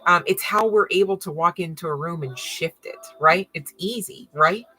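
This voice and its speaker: A woman giving live tarot readings to viewers, excitable and thinking aloud as she turns cards. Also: fairly low pitch, normal speed, low-quality recording. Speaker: tarot reader.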